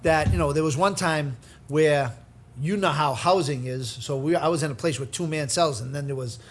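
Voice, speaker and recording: A man's voice: a little high, normal speed, a little hiss or hum. A man, talking casually on a podcast and explaining with many fillers. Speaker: podcast host.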